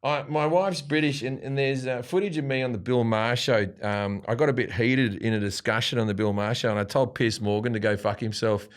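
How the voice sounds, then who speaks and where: An Australian man, a comedian guest, telling a profane anecdote in an animated way and acting out quotes. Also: mid-range voice, brisk, few pauses. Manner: animated, swearing freely, acts out quotes.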